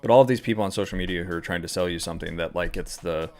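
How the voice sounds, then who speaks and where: A man's voice: sits low, very fast, darkish tone, soft background music. A man hosting a live trading stream, talking casually and ranting with a lot of swearing and exasperation. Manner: casual, filler-heavy talk. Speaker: trading livestream host. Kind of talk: live-stream market commentary.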